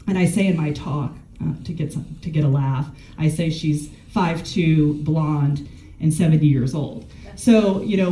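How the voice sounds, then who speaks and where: A woman speaks in a very dark, mellow tone, chatty and candid, laughing at herself now and then. Her voice rings a little in a roomy, echoing space. She talks with the ease of a gerontologist telling her own story. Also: lowish voice. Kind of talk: casual conversational storytelling. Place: warm room.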